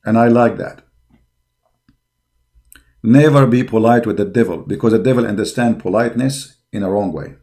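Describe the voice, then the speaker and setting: A man's voice: fairly low pitch, moderate pace, pauses often, warm tone. A man giving an impassioned online commentary in non-native English. He talks in a combative, preaching way, with frequent fillers. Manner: combative and preaching, grows heated and mocking. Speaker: religious commentator.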